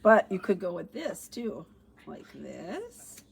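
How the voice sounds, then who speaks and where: Slow-talking chatty woman, crafting demo. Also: on the low side, sing-song, gravelly, a little hiss or hum. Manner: chatty, thinks aloud, frequent fillers. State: sniffly with allergies, sneezing. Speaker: stamping demonstrator. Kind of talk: casual crafting livestream demo.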